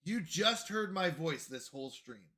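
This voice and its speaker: A man's voice: a little high, lively intonation, a little slow, sharp tone. A man livestreaming a game, talking casually to his chat in a flustered, apologetic way and repeating himself. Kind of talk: casual live gaming stream chat.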